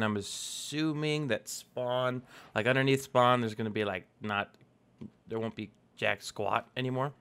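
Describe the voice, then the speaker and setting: A man's voice: medium pitch, pushed and bright, smooth. Young male let's-play host, loose and playful, mid-range voice, chats at the animals on screen. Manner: chatty, talks to in-game animals, playful. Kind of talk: casual gameplay commentary.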